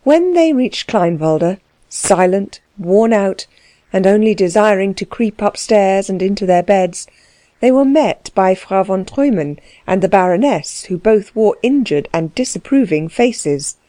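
A woman narrating a classic novel as an audiobook, in a measured, even reading. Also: medium pitch, no echo. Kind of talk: scripted narration.

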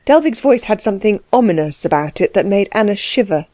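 Mellow-voiced woman narrating a classic novel. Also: medium pitch, animated, a little fast, no echo. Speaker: audiobook narrator. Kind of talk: scripted narration.

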